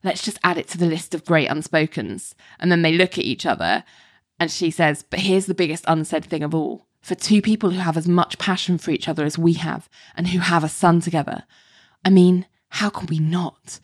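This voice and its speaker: A woman's voice: lowish voice, normal speed, no echo. Chatty woman recapping a show, dry close sound. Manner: animated storyteller, laughs often, mimics characters. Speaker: podcast host recapping a TV show. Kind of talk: casual chat, retelling episode scenes.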